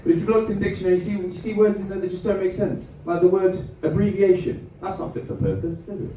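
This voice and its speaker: On a club stage with a handheld microphone, a man with a high voice and dark tone does stand-up, chatting with the crowd between jokes. His manner is chatty crowd work with quick asides. The muffled recording is distant, echoey and noisy.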